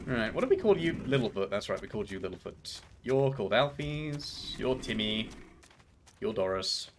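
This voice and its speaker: A man's voice: mid-range voice, expressive, normal speed, background noise. A man streaming a game live, chatting casually and rambling off into trivia tangents. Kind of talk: casual gameplay commentary.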